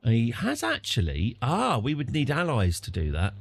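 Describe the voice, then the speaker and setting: A British man streaming a strategy game, chatting through it and getting excited and apologetic in turns. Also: mid-range voice, normal speed, vocal fry, dry recording. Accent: British English. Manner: chatty, easily excited, apologetic after outbursts. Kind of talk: live game commentary.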